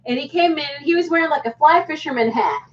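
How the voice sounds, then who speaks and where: A woman co-hosting a casual podcast chat, telling stories in an animated way. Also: high voice, fast. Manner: animated storyteller with laughs. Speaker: co-host. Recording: dull sound from a distant mic.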